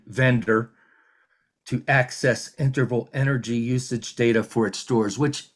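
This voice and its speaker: A man serving as hearing examiner, running a formal remote hearing in a measured, halting way with frequent fillers. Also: mid-range voice.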